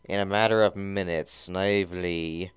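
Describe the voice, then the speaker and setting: A man's voice: sits low, fairly even intonation, measured pace, clear, resonant tone, no echo. A man giving a mock-serious comedic reading of a fan fiction, often stumbling and correcting himself.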